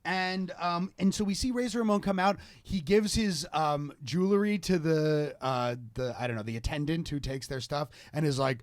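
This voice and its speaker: A man chatting casually as a podcast co-host, his voice sitting a little high. He rambles and restarts his sentences, full of ums and you-knows. The sound is close and dry, with no room in it. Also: moderate pace, few pauses, no echo. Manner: rambling, many fillers and restarts. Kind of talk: casual chat.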